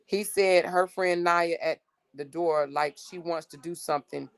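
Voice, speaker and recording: A woman's voice: on the low side, fairly even intonation, measured pace, vocal fry, clear, resonant tone. A woman hosting a casual livestream, reading text messages aloud to her viewers in an exasperated, blunt way and swearing freely. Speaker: livestream host.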